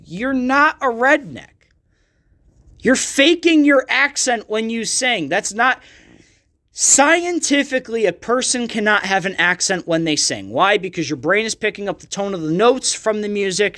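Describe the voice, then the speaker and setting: A man's voice: high-pitched, fairly bright tone. A man from the United States hosting his own podcast, ranting with a lot of profanity in a loose, heated monologue. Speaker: podcast host. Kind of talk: solo podcast rant.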